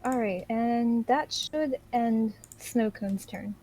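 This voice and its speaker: A woman's voice: a little high, slow, dark tone, rough recording. A woman playing in an online tabletop game, making wry, playful remarks. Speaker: player. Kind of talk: casual tabletop game chat.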